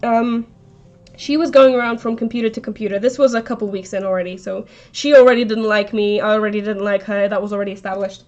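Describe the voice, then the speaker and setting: A woman's voice: medium pitch, fairly even intonation, fast, a little mellow, dull audio. A young adult woman live streaming, retelling a story in a chatty, rambling, indignant way.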